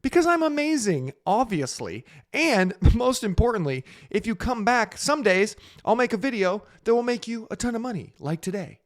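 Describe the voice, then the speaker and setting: A man hosting a casual crypto show to camera, playful and teasing, with mock-sultry asides, on a studio microphone. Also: sits high. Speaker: host.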